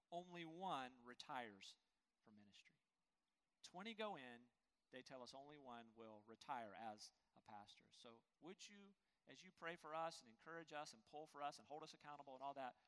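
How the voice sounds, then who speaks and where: A middle-aged male pastor delivers a sermon with earnest emphasis and the odd short laugh. His voice sits high for a man. The sound rings with the long reverb of a church sanctuary. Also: a bit bright. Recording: long reverb of a large hall.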